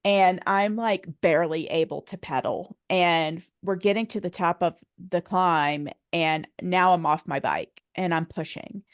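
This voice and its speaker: Woman in her forties, low voice, animated storyteller, dry close sound. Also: measured pace, hardly any pauses, clear, resonant tone, dry recording. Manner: animated storyteller, acts out quoted dialogue, laughs often. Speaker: podcast guest. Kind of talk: conversational storytelling.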